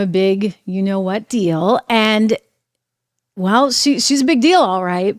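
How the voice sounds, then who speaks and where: A middle-aged woman hosting a political commentary show, talking in a sarcastic, animated way to her viewers. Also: a little high. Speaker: host.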